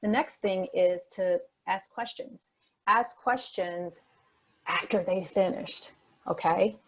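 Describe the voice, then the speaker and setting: A woman's voice: on the low side, slow pace, low-quality recording. A woman delivers a motivational talk as a guest speaker, full of energy and leaning hard on her main points. She repeats key phrases for weight and talks straight to her young audience over a video call. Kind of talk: motivational talk to a youth forum.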